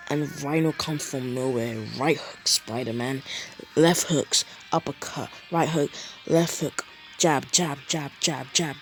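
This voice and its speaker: A man's voice: on the high side, rough recording. A young man casually retelling a fan story, rambling with fillers and asides.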